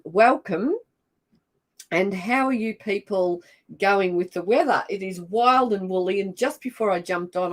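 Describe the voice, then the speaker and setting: An older woman with an Australian accent, hosting a casual livestream and greeting viewers by name in an effusive, chatty way. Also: medium pitch. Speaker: livestream host. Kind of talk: casual live-stream chat.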